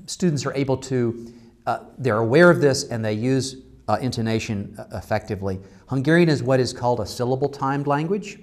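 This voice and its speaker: A man, a university language instructor, giving thoughtful interview answers with many fillers and restarts. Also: mid-range voice. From United States.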